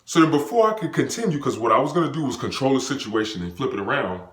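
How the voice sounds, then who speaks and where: An excitable young man from the United States tells a wild personal story, his voice leaping up and down as he acts out every scene. He talks loose and slangy with bursts of sound effects, and the room around him rings with a noticeable echo. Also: mid-range voice, fast talker. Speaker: vlogger telling a personal story. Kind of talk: animated storytime monologue. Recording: roomy echo.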